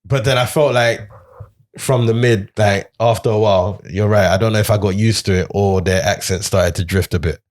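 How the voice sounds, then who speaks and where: A man's voice: on the low side, steady tone, moderate pace, a little mellow. A young man co-hosting a film review show, talking easygoing and teasing in casual chat. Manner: easygoing, teasing banter with slang.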